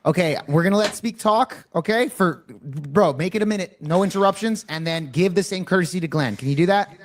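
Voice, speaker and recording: A man moderates a heated debate, pleading for order and repeating himself to get a word in. His voice sits a little high for a man. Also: a little fast, slight background noise. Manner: tries to calm others, repeats "hold on".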